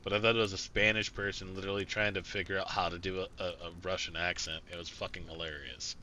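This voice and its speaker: A man's voice: low voice, level tone, fast, pushed and bright, a little hiss or hum. A man streaming a survival role-play game, chatting casually and rambling with plenty of swearing and fillers. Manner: rambling and profane, many fillers and restarts. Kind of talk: casual gameplay commentary.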